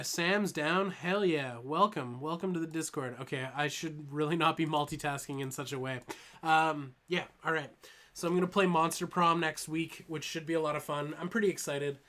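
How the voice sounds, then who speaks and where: A young man hosts a live stream from home in a voice pitched a little high. He rambles in a loose, joking way and leans on ums while he answers chat. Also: a bit bright. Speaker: toy channel host streaming live.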